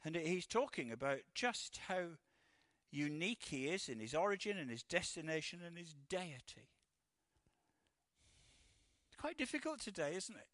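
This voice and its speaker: A man gives a chatty sermon, his voice high and bright. He stumbles and restarts, then acts out the quoted voices. The sound is dry and close. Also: sing-song, moderate pace, pauses often, no echo. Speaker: preacher.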